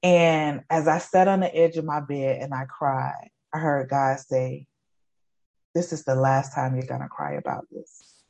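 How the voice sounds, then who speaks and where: A woman's voice: low-pitched, steady tone, measured pace, gravelly, a little mellow. A woman in her forties, an educator, giving an emotional personal testimony in an earnest, repetitive storytelling way. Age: 40s. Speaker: guest, educator.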